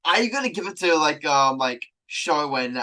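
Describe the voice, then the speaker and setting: A man hosting a sports podcast, arguing his case fast and with animation. His pitch swings widely and his tone is bright and tense. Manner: quick, argumentative, animated. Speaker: podcast host. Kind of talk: casual sports podcast chat.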